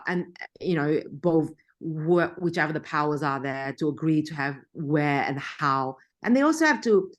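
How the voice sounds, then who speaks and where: A woman explaining a point casually, voice rising for emphasis. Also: deep voice.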